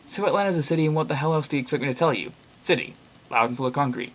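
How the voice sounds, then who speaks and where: A young man reading horror blog posts aloud at a medium pitch, breaking off into rambling, opinionated asides. His talk is loose and casual, with the odd swear thrown in. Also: racing. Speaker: reader and commentator of online horror blogs.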